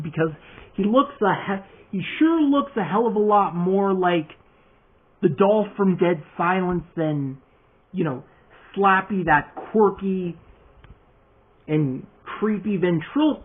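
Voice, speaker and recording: A man's voice: sits high, slightly rough. A man with a lisp, feeling under the weather, chatting casually in a rambling vlog about customizing a toy figure. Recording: tinny phone-like audio.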